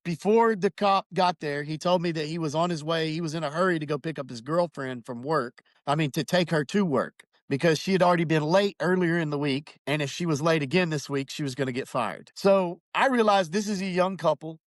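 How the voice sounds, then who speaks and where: A man's voice: on the high side, a little fast, few pauses, no room sound, clean studio sound. A man telling a personal story in casual chat, acting out what others said. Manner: animated, acts out quoted voices. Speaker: podcast guest.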